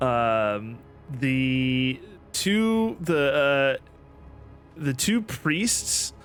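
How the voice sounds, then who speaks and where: A man narrating as game master in an online tabletop game, with many ums and pauses. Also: medium pitch, expressive, a bit bright, faint music behind. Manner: slow, with many ums and uhs.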